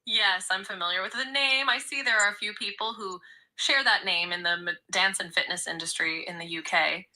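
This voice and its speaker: A synthetic female voice of an AI chat assistant app, answering in a polite, measured way. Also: medium pitch, poor audio. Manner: polite, measured, even-toned.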